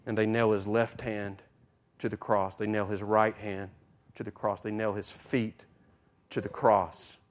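A man preaching a sermon, retelling a story with dramatic swings between loud passages and hushed ones. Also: lowish voice, flat delivery, a little slow. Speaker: pastor.

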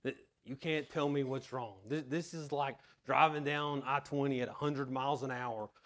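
A man's voice: medium pitch, steady tone, normal speed, fairly bright tone. A man preaching a sermon to his church in an earnest way, reading scripture and telling a personal story. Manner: earnest, tells personal anecdotes. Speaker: pastor.

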